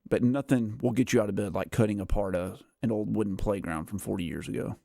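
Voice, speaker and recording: A man's voice: fairly low pitch, steady tone, fast talker, creaky, dark tone, no room sound, faint music behind. A man hosting a casual gameplay livestream, rambling and self-mocking as he chats, tired and worn out. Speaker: gaming livestream host. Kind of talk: casual live gameplay chat.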